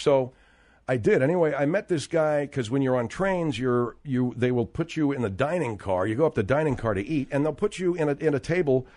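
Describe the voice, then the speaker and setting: A man's voice: mid-range voice, expressive, fairly quick, darkish tone. A man hosting a comedy radio talk show, telling a rambling story and getting exasperated with his sidekicks. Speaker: radio host.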